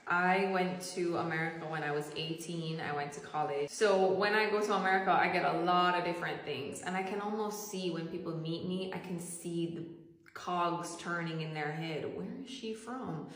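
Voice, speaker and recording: A woman's voice: on the low side, steady tone, moderate pace. A young woman ranting indignantly in a casual vlog. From Jamaica. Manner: indignant, emphatic. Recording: echoey room with long reverb.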